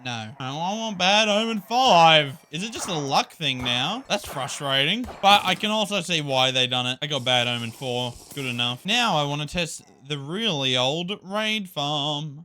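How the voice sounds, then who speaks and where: A man's voice: mid-range voice, bright, forceful tone. A man giving casual gameplay commentary for his video channel, chatty and exasperated, often laughing at himself. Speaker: gaming video creator.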